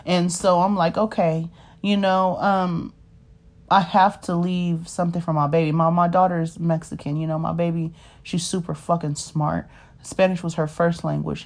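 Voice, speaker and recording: A woman in her 30s tells her life story in a loose, meandering monologue, frequently checking "you know what I mean?" She has a deep, gravelly voice with a somewhat dark tone.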